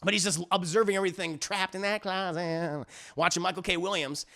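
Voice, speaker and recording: Male reviewer, gravelly and bright, casual profane recap, acts out every line. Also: high voice, fairly even intonation, brisk. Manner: rambling, profane, acts out the lines. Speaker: music reviewer.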